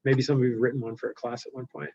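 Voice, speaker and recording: A man's voice: mid-range voice, flat delivery, very fast, mellow, no room sound. A male teacher giving a live online class lecture, explaining loosely with fillers and frequent check-ins. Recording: dull lo-fi sound.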